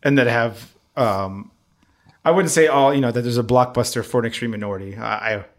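A man co-hosting a casual talk show, relaxed and hesitant, laughing easily as he talks. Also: medium pitch, fairly quick. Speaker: podcast co-host. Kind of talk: casual chat.

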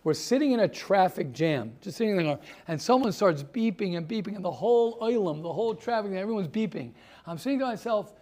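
A man with a notably high voice leads a yeshiva class. He talks animatedly, throwing out rhetorical questions and everyday stories to his students. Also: expressive, fairly quick, warm tone. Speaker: yeshiva teacher. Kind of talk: lively classroom talk.

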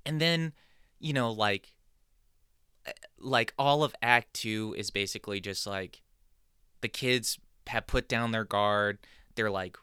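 A man's voice: lowish voice, takes it slowly, pauses often, sharp tone, clean tone, dry recording, studio quality. A man hosting a podcast, telling a casual comedic monologue in a rambling, digressive, self-deprecating way. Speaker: podcast host.

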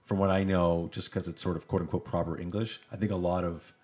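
A man's voice: low voice, flat delivery, fast talker, a little mellow. A middle-aged man from Canada co-hosting a podcast, chatting easily and trailing off while he searches for words. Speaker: podcast co-host. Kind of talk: casual chat.

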